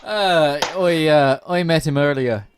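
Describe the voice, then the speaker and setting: A man's voice: a little high, slow, smooth, dry recording. A man voicing a flustered young lodger in a tabletop game, who stammers and fumbles his words.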